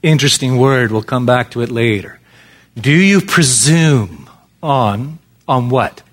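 A man's voice: mid-range voice, expressive, unhurried. A man preaching an expository sermon, emphatic, with many rhetorical questions.

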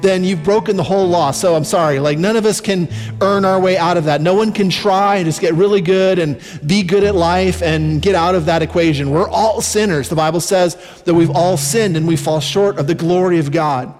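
A man preaching a sermon as a pastor, conversational and slowing down on key points. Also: high-pitched, a little mellow. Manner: conversational preaching, slows down for emphasis. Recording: long reverb from a large hall. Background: faint music.

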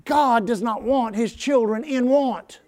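High-voiced male pastor preaching. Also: measured pace. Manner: call-and-response with the congregation; rising to shouts at peaks. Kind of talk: preaching a sermon.

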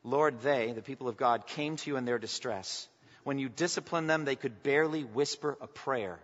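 A man's voice: medium pitch, moderate pace. Man preaching in a reverberant hall. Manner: impassioned, rising to emphatic peaks when reading scripture. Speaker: pastor. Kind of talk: sermon. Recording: dull sound with long hall reverb.

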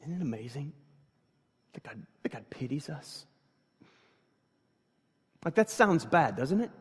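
A man preaching a sermon as pastor, shifting between quiet scripture reading and loud, emphatic passages, conversational with fillers and restarts. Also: on the high side, big pitch swings, a little slow, slightly rough. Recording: long hall reverb.

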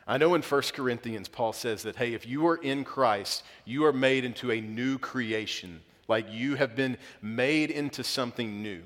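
A man, preaching a sermon and leading prayer, earnest and building to emphatic peaks with halting restarts. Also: mid-range voice, fairly bright tone. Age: 30s. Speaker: pastor. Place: church auditorium. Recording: long hall reverb.

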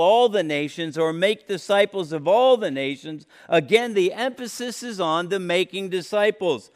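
A male pastor preaching in a church, leaning hard on key phrases and repeating them for emphasis. His voice sits fairly high and sounds smooth and resonant. He speaks slowly and deliberately, with a long reverb tail from the sanctuary. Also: very animated. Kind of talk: sermon. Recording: reverberant hall.

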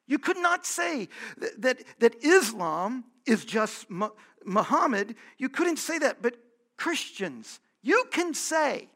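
A pastor preaching a sermon, earnest and conversational, repeating phrases for emphasis. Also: male voice, very high-pitched, very animated, slow pace, a bit bright.

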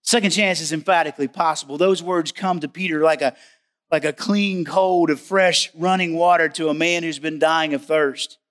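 A man with a notably high voice delivers a sermon as a pastor during a church service. He preaches with emphasis, often repeating a phrase to drive it home. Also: steady tone, measured pace, a bit bright.

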